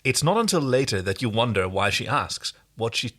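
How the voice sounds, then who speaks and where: A man's voice: big pitch swings, a bit bright. A man co-hosting a casual podcast, reading fanfic aloud with playful banter. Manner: playful, quick to laugh, jumps up in pitch. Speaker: podcast co-host. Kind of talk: casual fanfic read-through.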